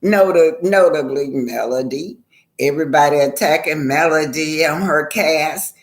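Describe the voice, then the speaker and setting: A woman talking casually on her own live stream, repeating her points for emphasis and laughing often. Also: low-pitched. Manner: warm greetings, emphatic repetition, slow drawn-out phrasing. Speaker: vlogger.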